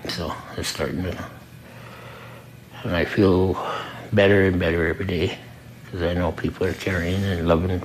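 A man who works the front desk at a recovery program, telling his own story in an earnest, halting way and often repeating himself. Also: low-pitched, flat delivery, a little hiss or hum, rough recording. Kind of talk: personal testimony in an interview.

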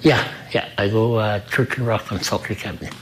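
A man who works the front desk at a recovery program, telling his own story in an earnest, halting way and often repeating himself. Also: on the low side, slight background noise, low-quality recording. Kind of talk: personal testimony in an interview.

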